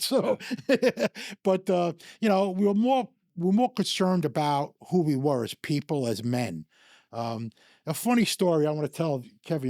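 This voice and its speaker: A man's voice: fairly high pitch, a little mellow, dry recording, studio quality. An older man from the New York area telling stories casually, rambling with restarts and chuckles. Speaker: storyteller guest. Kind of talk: casual storytelling.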